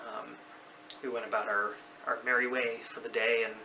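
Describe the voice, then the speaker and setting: A thirtysomething man tells a personal story on a bedroom vlog, wandering off track and fixing his own words as he goes. He speaks in a mid-range, level, sharp-toned voice at a moderate pace, recorded on a slightly distant mic with faint background noise.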